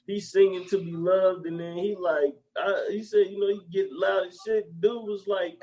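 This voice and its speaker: Animated, profane young man retelling comedy scenes. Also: moderate pace, few pauses, rough recording. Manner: animated, profane, jumps into loud high-pitched character voices. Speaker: podcast co-host. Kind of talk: casual chat recounting movie scenes.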